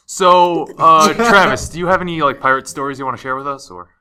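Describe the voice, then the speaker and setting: A young man hosting a podcast, playful and quick to joke. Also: a little high, pushed and bright. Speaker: podcast host. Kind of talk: casual chat.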